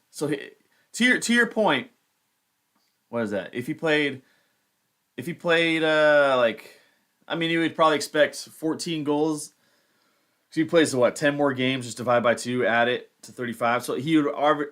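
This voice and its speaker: A man's voice: medium pitch, normal speed, a bit bright. A young man hosting a fantasy football livestream, rambling and thinking aloud in casual commentary. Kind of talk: casual live-stream commentary.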